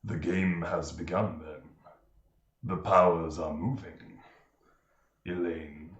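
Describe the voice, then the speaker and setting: A dying sea-creature priestess speaks low and slowly, full of cold menace, as a man puts her on. Her voice sits deep and drawn out. It rings in a roomy echo. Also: fairly even intonation, highs cut off. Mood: ominous. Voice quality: deep, slow, ominous. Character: menacing dying fish-folk priestess, female.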